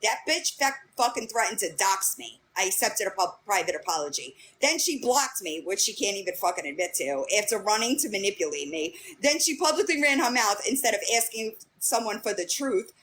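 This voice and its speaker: A woman's voice: mid-range voice, very animated, a little fast, hardly any pauses, fairly bright tone, a little hiss or hum. A young woman hosting a livestream, bluntly retelling an argument line by line with plenty of swearing. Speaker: livestream host. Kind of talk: casual livestream rant.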